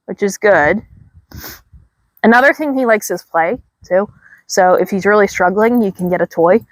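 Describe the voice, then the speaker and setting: A woman dog trainer outdoors calmly explaining leash work, breaking into high, drawn-out praise for the dog. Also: no echo. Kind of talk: instructional dog training demo.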